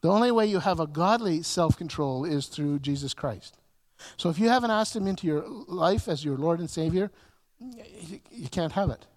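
A man preaching a sermon, stumbling over repeated words, swinging from emphatic surges to quiet, gentle stretches. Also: fairly high pitch, animated, normal speed. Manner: repetitive restarts, rising to emphatic peaks then dropping soft. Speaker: pastor. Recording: long hall reverb.

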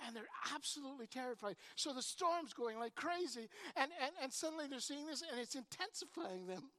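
Lady preaching, animated storyteller, says and and and a lot, big hall echo trailing off. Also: high voice, brisk. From Canada. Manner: animated storytelling, often repeats words when starting a thought. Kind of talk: sermon. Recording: long reverb in a large hall.

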